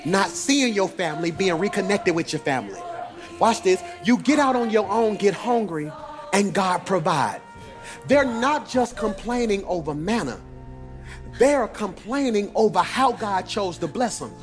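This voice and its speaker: Male pastor, preaching in a high voice with a sung cadence and calls to the congregation, faint music underneath. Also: animated, a little slow. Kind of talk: sermon.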